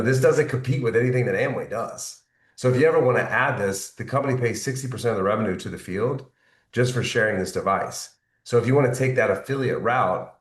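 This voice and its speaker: A man's voice: medium pitch, recorded from a distance. Motivational man coaching sales, echoey room. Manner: motivational, repeats points, asks "right?". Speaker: network marketing team leader. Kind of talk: coaching call on sales follow-up.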